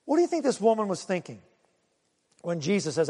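A man preaching a sermon, animated and full of rhetorical questions and acted-out asides to the congregation. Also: sits high, fairly quick, breathy edge, in a large hall. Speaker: pastor.

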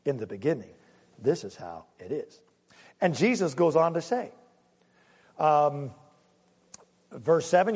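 High-voiced pastor guy preaching, super animated, jokes around, big church reverb. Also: unhurried, pauses often, slightly rough. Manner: lively, joking, emphatic preaching with audience asides. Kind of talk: sermon. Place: church sanctuary. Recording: long reverb of a church hall.

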